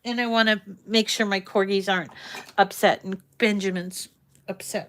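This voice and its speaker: A woman hosting a casual crafting livestream, chatting warmly with viewers and reading their comments aloud. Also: mid-range voice, steady tone, normal speed. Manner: talks sweetly to her dogs in a raised voice.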